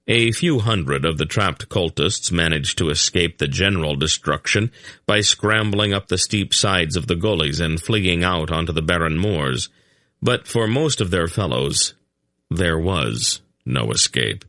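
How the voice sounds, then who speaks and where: A man narrating an audiobook in a steady, measured way. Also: low voice, dry recording, clean studio sound. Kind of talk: scripted narration.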